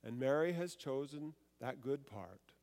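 A man's voice: mid-range voice, animated, unhurried, darkish tone, in a large hall. A man preaching a sermon, reading scripture aloud, then explaining it and putting rhetorical questions to his listeners.

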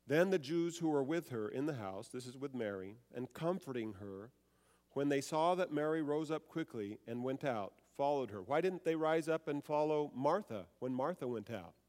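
A man's voice: mid-range voice, expressive, moderate pace, a little mellow, long reverb tail. A man preaching a sermon, reading scripture aloud, then explaining it and putting rhetorical questions to his listeners.

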